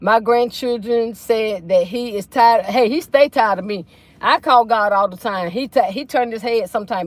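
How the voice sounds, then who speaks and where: A woman's voice: on the high side, moderate pace, no room sound. A chatty woman hosts a livestream from her car. She reads viewer comments aloud in a folksy, easygoing way. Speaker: livestream host. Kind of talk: casual livestream chat reading comments. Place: inside a car.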